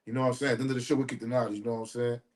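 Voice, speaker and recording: A man's voice: medium pitch, little pitch movement, racing, a little mellow. A man co-hosting a podcast, talking casually in street slang and reading out comments from a live chat. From Detroit. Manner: streetwise slang, laid-back banter. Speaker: podcast co-host.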